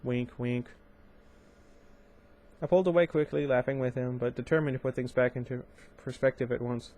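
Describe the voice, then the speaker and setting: A man's voice: mid-range voice, fairly even intonation, normal speed, a little mellow. A young man reading a novel aloud on his channel, breaking off into casual, chatty asides with fillers and restarts. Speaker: audiobook reader and channel host. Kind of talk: amateur book reading with commentary.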